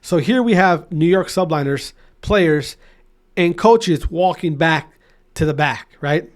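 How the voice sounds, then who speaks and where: A man's voice: on the high side, animated, takes it slowly. A man hosting his own podcast, ranting in a loose, repetitive way with many restarts. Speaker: podcast host. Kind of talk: solo podcast rant.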